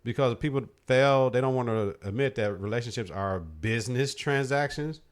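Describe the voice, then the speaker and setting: A man's voice: medium pitch, normal speed, clean tone. A man hosting a podcast, giving blunt, profane opinions in casual chat. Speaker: podcast host.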